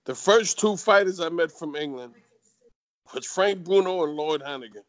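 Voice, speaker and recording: A man's voice: fairly high pitch, moderate pace. New York man telling boxing stories. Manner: animated anecdotal talk with fillers. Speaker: retired boxer guest. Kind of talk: casual interview storytelling.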